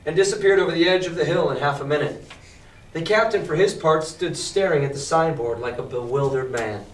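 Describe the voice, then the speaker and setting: A male teacher reading a novel aloud to a class and explaining it in a lively, emphatic way. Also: fairly high pitch, fairly quick, slight background noise. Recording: echoey classroom from far off.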